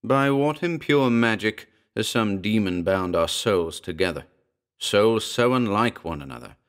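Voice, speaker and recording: A bitter, brooding man, voiced by the story's narrator in a spoken horror tale, tense and defiant as he addresses something he cannot see. The voice sits low and carries a strained, agitated edge. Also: expressive, measured pace, clean tone. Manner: agitated, rising to anger.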